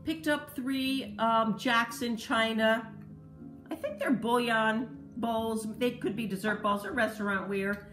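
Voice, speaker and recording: A woman's voice: a little high, slow, a bit bright, reverberant, faint music behind. A woman in a casual vlog, chatting about her thrift-store finds and explaining their history in detail. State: slight cough. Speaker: thrift reseller showing finds. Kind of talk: casual show-and-tell vlog.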